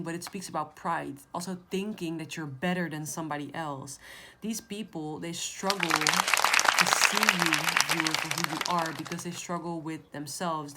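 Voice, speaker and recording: A woman's voice: low voice, heavy background noise. A woman giving a casual tarot reading to her viewers, blunt and emphatic, swearing freely. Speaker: tarot reader.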